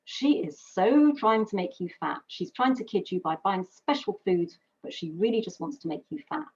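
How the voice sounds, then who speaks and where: A woman voicing a manipulative eating-disorder voice that flatters and controls. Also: mid-range voice, normal speed, slightly rough. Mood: coaxing. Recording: dull lo-fi webinar audio.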